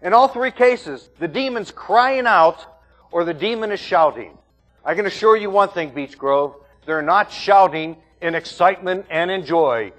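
Male pastor, slightly high voice, emphatic repetitive sermon delivery, soft music behind. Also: lively intonation, measured pace. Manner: emphatic preaching with repeated phrases.

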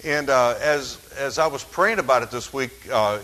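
A man's voice: medium pitch, normal speed, pushed and bright, poor audio. A male pastor preaching a conversational sermon in a church, with many fillers and restarts.

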